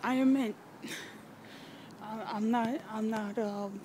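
A woman recording an emotional personal video message, halting, sighing and swearing as she nears tears. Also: on the high side, steady tone. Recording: noisy background with vehicles.

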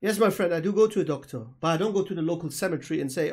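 Husky, emphatic man preaching. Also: a little high, lively intonation, very fast, few pauses, darkish tone, faint music behind. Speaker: speaker answering questions. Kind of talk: religious polemic in a Q&A. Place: online voice call.

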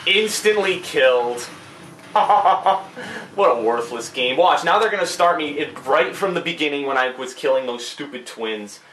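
A man's voice: a little high, animated, normal speed, fairly bright tone, echoey room, slight background noise, rough recording. Man ranting angrily over a game. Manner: exasperated ranting, swearing. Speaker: gamer doing live commentary. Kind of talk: live gameplay commentary.

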